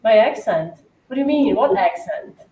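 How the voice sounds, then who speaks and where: A woman's voice: on the high side, animated, normal speed, warm tone. A woman from Slovakia with a Slovak accent, chatting casually on a cookie decorating livestream, laughing often. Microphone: far from the mic. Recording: roomy echo, distant mic, faint hiss.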